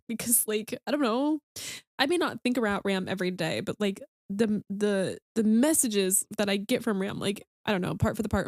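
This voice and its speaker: A woman's voice: mid-range voice, darkish tone, dry recording, clean studio sound. A young adult woman co-hosting a casual book podcast, earnest and emotional, with many fillers and a tearful edge. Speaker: podcast co-host.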